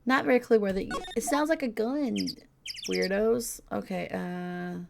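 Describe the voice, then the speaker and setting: A woman's voice: medium pitch, animated, unhurried, creaky. A woman casually commenting while she plays a video game, in an offhand, musing way. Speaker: let's play host. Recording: game music underneath. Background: video game music.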